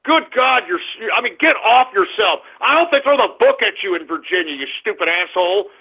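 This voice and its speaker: A brash male radio host rants and taunts on a call-in show. His voice sits high for a man and comes through a tinny, phone-like line. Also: expressive, creaky, slightly rough. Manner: brash, confrontational, drawn-out taunts.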